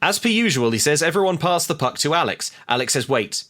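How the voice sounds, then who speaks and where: A man's voice: a little high, lively intonation, fast talker, fairly bright tone. A man co-hosting a casual podcast, recapping a film from his notes with frequent laughter. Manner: chatty, laughs often, reads from notes. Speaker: podcast co-host.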